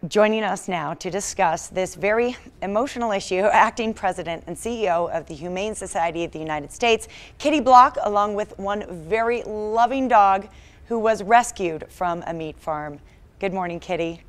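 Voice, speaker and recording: A woman's voice: mid-range voice, moderate pace. A woman news anchor hosting a morning TV interview, earnest and a little choked up as she talks.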